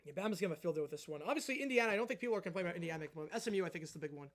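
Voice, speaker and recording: A man hosting a live stream, giving play-by-play football commentary and answering viewer chat between plays, getting excited on big plays and relaxed on the asides. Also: very fast. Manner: rises into excited calls on big plays, drops low and casual when answering chat. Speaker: stream host calling games.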